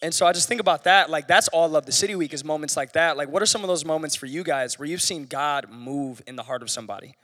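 A man's voice: fairly high pitch, fast talker, few pauses, a bit bright, long reverb tail. A man hosting a church podcast, telling stories in an encouraging way. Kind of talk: casual church podcast chat.

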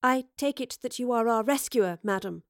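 A woman's voice: on the high side, normal speed, no room sound, clean studio sound, natural voice. Prim period lady, formal and stern about manners, read by a woman narrator.

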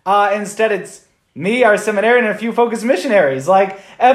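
A man's voice: high-pitched, a little fast, reverberant. A man, a Catholic priest, giving an informal Sunday homily in a conversational way, often checking in with "right?".

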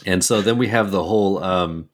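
A man hosting a casual movie podcast, relaxed, retelling scenes and quoting lines. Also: deep voice, normal speed. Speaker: podcast host.

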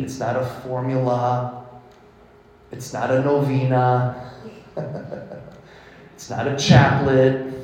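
A priest preaching slowly and emphatically, his voice carrying from a distance through a long, echoing hall. He repeats his phrases for weight and laughs now and then. The sound is roomy and far from the mic. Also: mid-range voice, darkish tone, slight background noise. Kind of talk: sermon.

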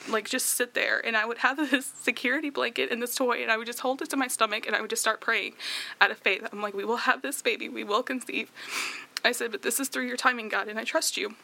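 A woman's voice: fairly high pitch, steady tone, fast, vocal fry, pushed and bright. A young woman chatting through a personal story, with many fillers and laughs, tearful at times. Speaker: guest sharing her story.

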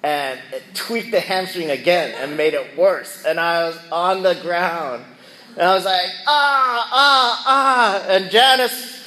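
A middle-aged man tells a personal story in a relaxed, conversational way, and he acts out his own cries and quoted lines with energy. His voice sits a little higher than most men's. A faint noise hums under the recording. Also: measured pace. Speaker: speaker sharing a personal reflection.

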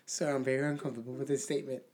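A man co-hosting a comedy podcast, answering in a dry, deadpan way. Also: mid-range voice, rapid-fire, a crowd in the background. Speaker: podcast co-host. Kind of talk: casual comedy podcast banter.

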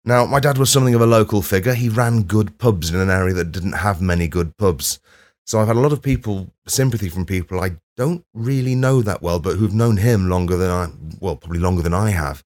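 A low-voiced man talks through a comic podcast monologue in a dry, self-deprecating way. He swears freely and breaks into sudden loud outbursts. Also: a little fast. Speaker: podcast host. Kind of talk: comedic monologue.

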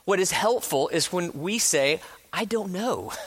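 A man preaching a sermon, earnest, shifting between quick bursts and slow hushed emphasis. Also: high voice, animated. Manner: earnest, speeds up and slows down, drops to a hush for emphasis; acts out quoted speakers with rising passion. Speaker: pastor.

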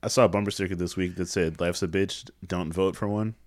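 A man with a fairly low voice who talks fast and throws in dry sarcastic jokes. He co-hosts a casual comedy chat. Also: steady tone. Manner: dry sarcastic quips, laughing. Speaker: podcast co-host.

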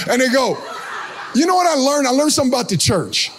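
High-voiced pastor preaching with sing-song shouts. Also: male voice, fairly quick. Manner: animated preaching with sing-song shouts and crowd call-outs. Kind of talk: energetic sermon.

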